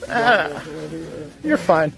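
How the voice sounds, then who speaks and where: A man's voice: high-pitched, sing-song, very slow, crowd noise. A man hosting a toy-hunting vlog, joking and rambling casually as he walks store aisles, filmed on a handheld camera. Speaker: host. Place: big retail store aisle.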